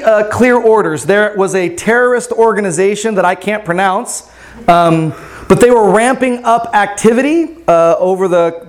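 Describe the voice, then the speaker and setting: A man with a fairly high voice delivers a sermon as a pastor, telling a story to his congregation. His delivery is loose and conversational, full of little check-ins like "right?" rather than formal preaching. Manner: casual, often asks "right?".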